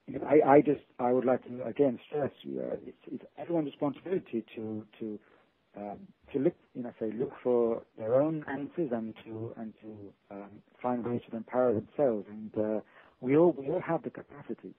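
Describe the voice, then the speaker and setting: A male author guest talking earnestly in a casual interview, halting often and restarting his sentences. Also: medium pitch, slightly rough, no room sound. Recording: tinny phone line.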